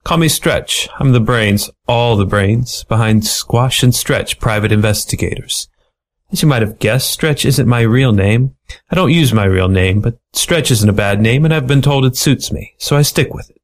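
A man reading a funny noir animal story aloud with a playful, deadpan delivery. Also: mid-range voice, normal speed. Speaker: story reader. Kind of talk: storybook narration.

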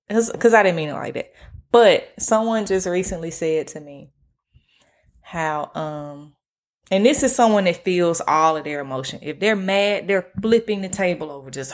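Laid-back woman with a monotone voice. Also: sits low. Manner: self-described monotone delivery; relaxed, slangy, swears casually. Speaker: podcast host. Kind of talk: casual solo podcast chat.

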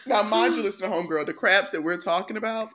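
A woman's voice: medium pitch, quick pace. A woman co-hosting a podcast who casually recaps a film in blunt, profane slang. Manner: animated retelling with acted quotes, frequent laughter. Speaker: podcast co-host reviewing a film. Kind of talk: casual chat.

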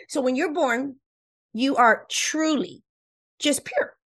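A woman whose first language is Spanish, a relationship coach explaining ideas in an interview, lively and emphatic, repeating points and laughing often. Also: sits high, slow pace. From Cuba. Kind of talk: animated explanatory interview talk.

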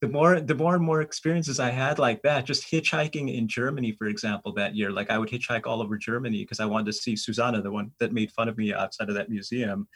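Speaking fast and barely pausing, this guest is a middle-aged man from the United States spinning travel tales. His mid-range voice is slightly rough, and his animated, rambling anecdotes are packed with fillers and false starts.

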